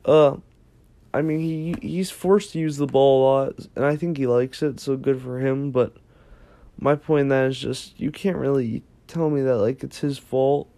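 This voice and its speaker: A man's voice: mid-range voice, steady tone, moderate pace, warm tone. A young man, giving casual unscripted commentary in a vlog, rambling and correcting himself as he thinks aloud. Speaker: basketball ranking vlogger.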